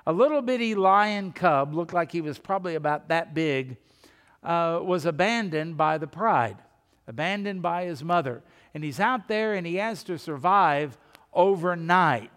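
A man's voice: high voice, a bit bright, clear, resonant tone, big-room sound. A man preaching a sermon as pastor, telling stories in a folksy, conversational way. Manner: folksy storytelling with asides.

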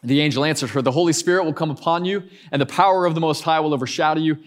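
Pastor guy in his 30s giving a chatty sermon, voice a bit on the high side. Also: rapid-fire. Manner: conversational preaching, frequent restarts and asides.

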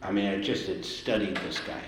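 An older man spins a lively anecdote, laughing as he acts out the other people in his story. His voice rings through a very echoey, reverberant hall over a faint hiss of noise. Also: sits low, a little fast. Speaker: guest musician. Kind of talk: anecdote told in conversation.

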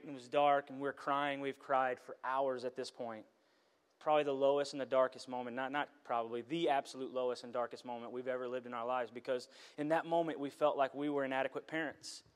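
A middle-aged man, a pastor, giving an earnest, emotional sermon testimony with halting restarts. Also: a little high. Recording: long hall reverb.

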